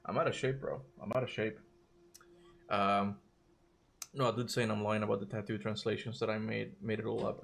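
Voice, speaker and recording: Gravelly, breathless male streamer. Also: fairly low pitch, little pitch movement, moderate pace, slight background noise. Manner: rambling, self-interrupting. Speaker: gaming streamer. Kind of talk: casual live-stream chat.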